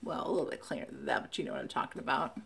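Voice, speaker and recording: A woman's voice: very deep voice, rapid-fire, gravelly, a bit bright. A woman from the West Coast of the United States, chatting casually in a show-and-tell vlog, spelling out names letter by letter with frequent ums. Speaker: Flosstube vlogger.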